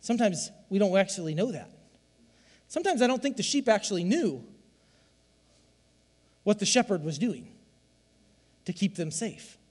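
A man preaching a sermon as a pastor, swinging from loud emphatic lines to hushed, quiet asides. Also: high voice, lively intonation, moderate pace, long pauses, big-room sound.

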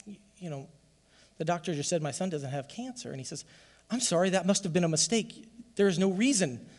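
A male pastor gives a heartfelt testimony from the pulpit, his somewhat high voice swelling into loud emphasis. The sound carries a long reverb from the church hall. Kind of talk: sermon.

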